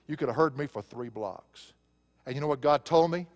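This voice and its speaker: A man's voice: fairly high pitch, brisk, a little mellow, in a large hall. A male pastor preaching a sermon, telling a personal story in a conversational way and rising to emphatic preaching.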